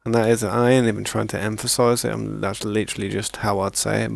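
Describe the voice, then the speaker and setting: Gravelly low-voiced man. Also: little pitch movement, fast talker, hardly any pauses, slight background noise. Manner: rambling, laid-back, slangy. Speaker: gaming streamer. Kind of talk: casual gameplay chat.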